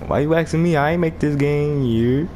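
A young man giving goofy, slang-filled commentary while playing a game, swinging between loud outbursts and low mumbles. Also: normal speed, slight background noise. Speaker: gameplay streamer. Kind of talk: comedic gameplay commentary.

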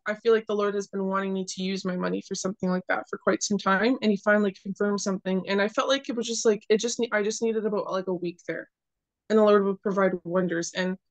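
A young woman sharing a personal faith testimony in casual, animated storytelling, laughing often and acting out the people she met. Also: medium pitch.

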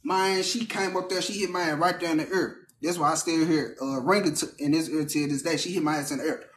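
A man casually telling a true story, animated and profane, acting out the people in it. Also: a little high, quick pace, roomy sound, a little hiss or hum.

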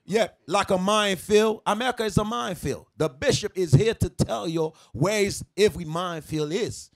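High-voiced man teaching in casual talk. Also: moderate pace. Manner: plain, conversational, asks the listeners questions.

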